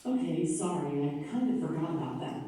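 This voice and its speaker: A defensive young roommate. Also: female voice, low voice, expressive, brisk, warm tone, slight background noise. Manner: defensive, surprised replies. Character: young woman named Sasha, easygoing roommate. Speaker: actor in a textbook listening dialogue. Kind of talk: scripted listening-exercise dialogue. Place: classroom, played over speakers. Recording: very echoey room, played from far off.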